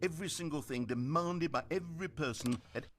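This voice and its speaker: A man voicing a pompous, sardonic male game narrator, delivering a grandiose, mock-serious lecture in a measured, articulate voice. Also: on the high side, a little hiss or hum, close to an everyday voice. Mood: lecturing.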